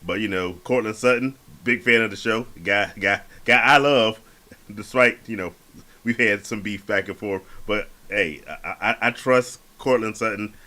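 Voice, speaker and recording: A man's voice: on the low side, moderate pace, sharp tone. A man hosting a casual sports podcast, laid-back and slangy, often restarting his words. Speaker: podcast host.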